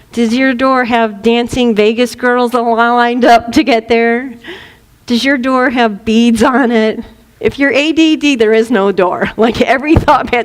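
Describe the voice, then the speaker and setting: A woman with a high voice gives a spiritual teaching talk in a playful, lively way, laughing often and slipping into little acted voices. She speaks as a minister to her listeners. The sound carries a long hall reverb.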